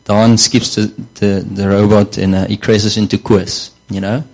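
A man's voice: fairly low pitch, flat delivery, unhurried, vocal fry, darkish tone, low-quality recording. A man preaching a sermon in a conversational way, often repeating words and saying "you know".

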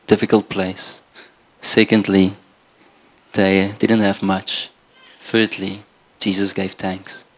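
Gravelly, even-toned male preacher from Namibia. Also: lowish voice. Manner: earnest, conversational preaching with restarts. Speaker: pastor. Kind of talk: sermon.

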